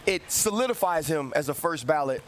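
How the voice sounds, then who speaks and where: A man's voice: on the high side, lively intonation, a little fast, faint music behind. A man speaking earnestly in a commentary clip, reflecting on a player's career. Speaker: sports commentator.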